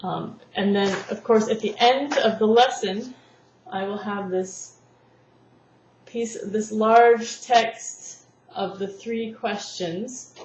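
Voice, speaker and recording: Speaking slowly in a medium-pitched, steady and slightly mellow voice, a language therapy teacher patiently explains a lesson plan. She acts out examples as though in class. The lo-fi recording is roomy and dull, with a faint noise underneath.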